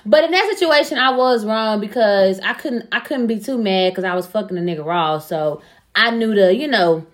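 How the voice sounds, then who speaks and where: A woman's voice: medium pitch, normal speed. A young woman telling personal stories in casual chat, blunt and profane, often laughing. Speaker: podcast guest.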